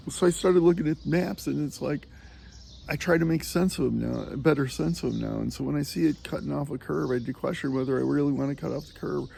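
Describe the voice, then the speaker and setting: A pilgrim vlogger with a gravelly, mellow, somewhat high voice offers a casual spoken meditation on a walking pilgrimage, with a little hiss or hum in the audio. He rambles, hesitates with lots of fillers and chuckles often while telling stories.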